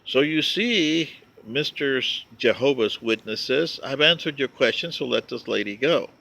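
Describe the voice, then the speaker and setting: A man vlogging, telling a wry, joking story with drawn-out emphasis on his punchlines. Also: mid-range voice, expressive, gravelly, pushed and bright. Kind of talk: casual storytelling monologue.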